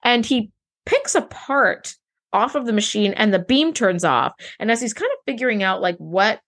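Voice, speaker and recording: Lively, animated woman podcast host. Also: medium pitch, moderate pace. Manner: animated, swears, acts out characters' lines. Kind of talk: casual recap chat.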